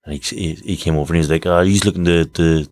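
A man tells sweary, laughing stories in casual chat. His voice sits on the low side. The sound is close and dry. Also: fairly even intonation, fast talker, a little mellow, no room sound. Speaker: guest boxer.

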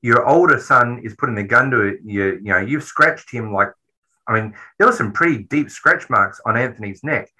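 A man's voice: mid-range voice, expressive, normal speed, pushed and bright, low-quality recording. A man casually recapping a horror film with a co-host, rambling and swearing freely as he talks. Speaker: podcast co-host.

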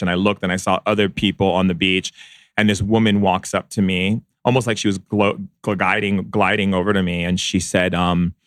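A man speaks as a podcast guest, telling a long personal story in a slow, reflective way full of pauses. His voice sits very low and stays flat and even. The recording is dry and close. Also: no echo.

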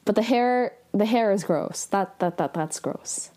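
Casual woman recapping a show, says like a lot, soft mellow tone. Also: mid-range voice, animated, measured pace. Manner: chatty, fills talk with "like", acts out characters' lines and squeals in delight. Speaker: drama recap vlogger.

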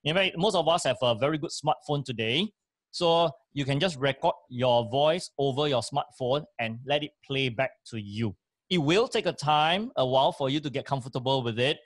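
A man's voice: medium pitch, normal speed, dry recording, clean studio sound. A man giving emphatic, repetitive speaking advice on a talk show, with frequent fillers. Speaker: voice and speaking coach.

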